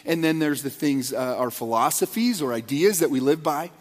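A man's voice: on the high side, expressive, moderate pace, faint music behind. A man giving a conversational, earnest sermon as a pastor, with frequent fillers and restarts. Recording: long hall reverb.

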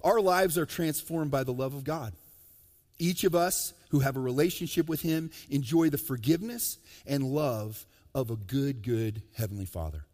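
A man preaching a sermon as pastor, animated and joking, swinging between emphatic loud lines and soft low ones. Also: moderate pace. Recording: long reverb of a large hall.

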